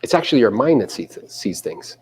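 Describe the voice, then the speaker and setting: A man's voice: fairly low pitch, big pitch swings, brisk, a little mellow. A man giving a live motivational seminar to a room of agents, quizzing the audience and mimicking people in playful voices. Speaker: real estate coach speaking to agents.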